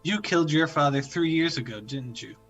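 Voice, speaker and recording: A man's voice: a little high, a little fast, fairly bright tone, lo-fi sound, faint music behind. A man playing in a tabletop game, talking in a blunt, offhand way. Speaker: player. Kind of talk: casual chat in a tabletop game.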